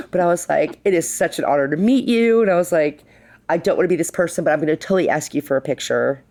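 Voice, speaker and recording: A middle-aged woman who co-owns a bar, chatting as a podcast guest and telling stories full of quoted dialogue. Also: low voice. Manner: animated, acts out quotes, says "like" a lot. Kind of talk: casual storytelling. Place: podcast studio.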